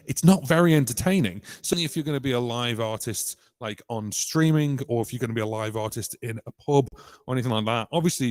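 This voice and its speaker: With no room sound, a medium-pitched man from the UK hosts his live-stream looping tutorial, rambling casually with many restarts and ums. He's a loop musician and channel host speaking into a vocal mic routed through a vocal effects unit.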